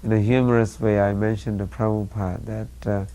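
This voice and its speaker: A man earnestly recalling a time with his teacher, halting often with fillers. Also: fairly low pitch, flat delivery, warm tone. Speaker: disciple recalling memories. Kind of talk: spoken reminiscence. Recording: faint background hiss.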